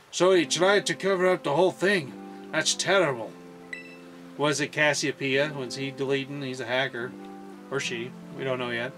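A man's voice: medium pitch, fairly even intonation, normal speed, a bit bright. A man hosting a let's play, commentating on a video game with joking, self-mocking asides. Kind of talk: gameplay commentary. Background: faint game music.

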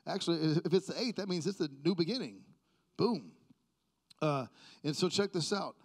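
A man's voice: a little high, lively intonation, normal speed. A middle-aged male pastor preaching a sermon in a church, conversational and self-deprecating, joking with the congregation.

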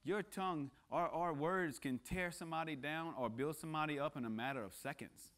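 A man's voice: a little high, a little fast, fairly bright tone. A man speaking as a guest at church, preaching a casual sermon that mixes jokes with earnest appeals and frequent restarts. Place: church sanctuary.

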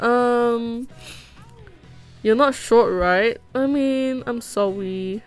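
Speaking very slowly in a fairly high voice, a young woman draws on her livestream and chats casually with viewers as she reads their messages. She's bubbly and rambling, giggling often and using lots of fillers, over soft background music.

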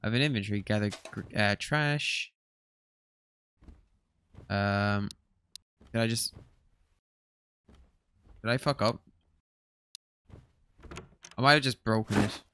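A man's voice: lowish voice, slow pace, long pauses, clean tone. Jumpy young man playing a horror game. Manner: jumpy, swears and yells when startled. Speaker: gaming streamer. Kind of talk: horror game let's-play commentary.

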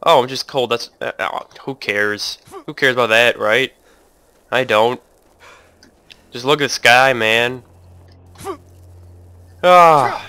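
A young man with a very bright, forceful voice narrates his gameplay in an unhurried drawl. He talks straight to the characters on screen and jokes his way through, then suddenly yells at them. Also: medium pitch, steady tone, smooth, no echo. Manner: jokey, talks to the game, bursts into yelling. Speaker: let's play host. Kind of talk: gameplay commentary.

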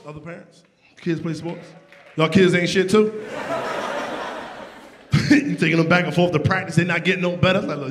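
A middle-aged man performs stand-up comedy on a stage. His voice sits high and leaps around wildly as he rants in exasperation. The live mic picks up clear audience noise behind him. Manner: profane, exasperated storytelling with loud outbursts.

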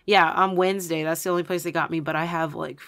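A woman co-hosting a casual podcast, telling animated stories with lots of fillers and laughter. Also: on the low side, fast. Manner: animated storyteller, many fillers, laughs often. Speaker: podcast co-host. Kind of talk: casual chat.

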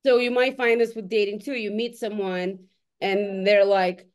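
A woman hosting a casual podcast chat, English not her first language, telling stories in an animated way and swearing freely. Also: medium pitch, unhurried. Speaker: host.

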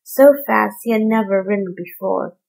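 A woman reading a fairy tale aloud as a bedtime story, in a measured storybook manner. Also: medium pitch, fairly even intonation, creaky, a little mellow, poor audio.

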